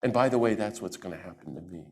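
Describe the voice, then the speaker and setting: A man giving a lively talk to a church audience into a microphone, acting out the voices he quotes. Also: low-pitched, fast talker. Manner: animated, acts out quoted voices. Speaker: guest speaker.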